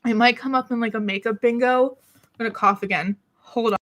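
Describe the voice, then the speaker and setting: A woman's voice: fairly high pitch, steady tone, brisk, fairly bright tone. Breathless chatty woman vlogging at home. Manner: rambling, self-deprecating, laughs often. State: out of breath, coughing. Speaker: beauty YouTuber. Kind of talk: casual chatty vlog. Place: small city apartment alcove.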